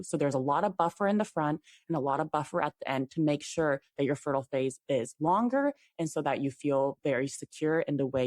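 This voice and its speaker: Young woman, podcast guest, low and chatty, dry close sound, peppers her talk with fillers. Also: a little mellow, no echo. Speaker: guest, fertility app CEO. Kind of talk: casual podcast interview.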